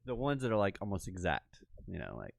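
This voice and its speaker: A man's voice: low-pitched, wildly swooping pitch, a little fast, gravelly, no room sound, studio quality. A man hosting a casual trading chat, joking and curious, asking questions. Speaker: host.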